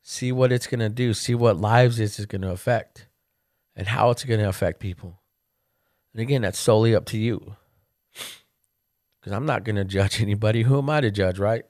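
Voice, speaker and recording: Speaking at a moderate pace with long pauses, this man's voice sits on the low side as he hosts a podcast. He shares family stories candidly and casually, repeatedly saying "man," and livens up when the stories turn funny. It's a dry, clean studio recording.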